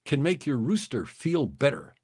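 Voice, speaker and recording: A man's voice: medium pitch, very animated, moderate pace, a little mellow, husky. A man voicing a suggestive little old lady calling in to a radio show. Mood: sly. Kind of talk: storytelling impression.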